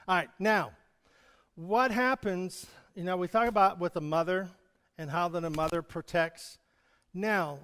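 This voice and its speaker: High-voiced pastor in a reverberant hall. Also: male voice, fairly bright tone. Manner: conversational, chuckling often. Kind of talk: sermon. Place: church hall.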